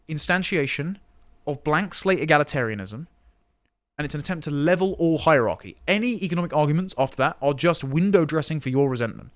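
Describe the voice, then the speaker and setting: A man's voice: a little high, no echo, clean studio sound. A man giving political commentary in a podcast, sardonic and reading long quotes aloud.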